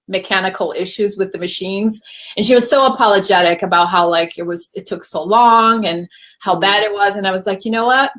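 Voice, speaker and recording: A woman hosting a relaxed conversation, in a middle pitch. She talks in a chatty, storytelling way and acts out her own quoted lines. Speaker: host. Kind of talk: casual chat.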